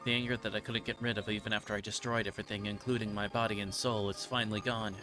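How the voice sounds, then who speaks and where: A delirious, guilt-ridden young girl in a visual novel, read aloud by a man in his own fairly low voice. The reading loops back on itself in anguish and trips over the odd word. Game music plays clearly behind. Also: flat delivery, quick pace, natural voice. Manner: repetitive, anguished, occasional stumbles over words. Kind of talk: dramatic reading of game text.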